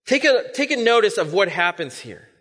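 A man's voice: high voice, sing-song, moderate pace, a bit bright, in a large hall. A man preaching as a pastor, telling a story in a conversational way with casual asides. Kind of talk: sermon.

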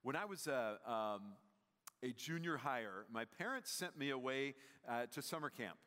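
Man, pastor, sermon, conversational, emphatic peaks, medium pitch, echoing church hall. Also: animated, normal speed, bright, forceful tone. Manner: conversational with filler words, rising to emphatic peaks. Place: church sanctuary. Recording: long hall reverb, church sanctuary.

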